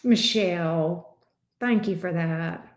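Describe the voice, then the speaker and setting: Slow-talking affectionate woman tarot reader. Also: fairly low pitch, roomy sound. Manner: affectionate, calls viewers babe and sweetie; casual and salty, swears lightly. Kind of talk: livestream tarot readings for viewers.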